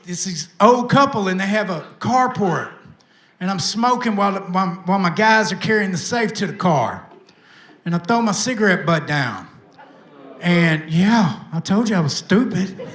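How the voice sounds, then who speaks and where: A man, a recovery pastor telling his life testimony to a live audience with lively, self-mocking storytelling. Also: high-pitched. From Tennessee, USA. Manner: lively storytelling with self-mocking humor, addresses the crowd directly. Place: event stage with live audience. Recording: echoey room sound.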